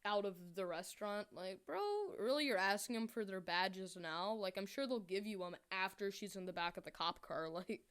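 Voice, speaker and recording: A woman with a smooth, clear, mid-pitched voice reacts to clips in a sarcastic, exasperated ramble full of fillers. She sounds mocking and quick to pile on. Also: fairly even intonation, a bit bright. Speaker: commentary video host.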